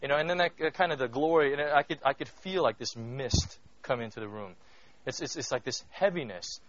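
A male pastor preaching a sermon in a chatty way, often checking in with the listeners, swinging from loud emphatic bursts to hushed moments. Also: medium pitch, a little fast, dry recording. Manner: conversational, keeps asking "right?". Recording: dull lo-fi recording.

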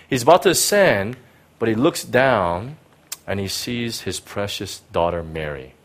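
A pastor preaching to a gathered congregation in an everyday, middle-pitched male voice. He moves dramatically between forceful peaks and soft, near-whispered passages. He keeps checking in with his listeners through casual asides. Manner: dramatic, swings from loud emphasis to hushed tenderness; conversational asides, frequent "right?" and "you know". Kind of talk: sermon. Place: before a live congregation.

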